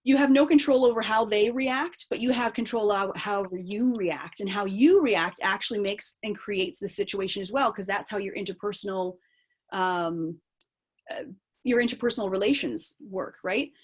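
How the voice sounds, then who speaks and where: A woman's voice: mid-range voice, moderate pace, slightly rough. A woman actor with a Canadian accent, answering interview questions in a casual live video chat, thoughtful and rambling with plenty of fillers and restarts. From East Coast of Canada.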